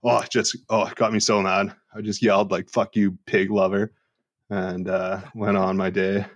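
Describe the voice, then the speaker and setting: Guy, low voice, swears a lot while telling annoyed stories on a casual podcast. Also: level tone, moderate pace, fairly bright tone. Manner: profane, ranting, laughs at own stories. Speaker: podcast co-host. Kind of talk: casual chat.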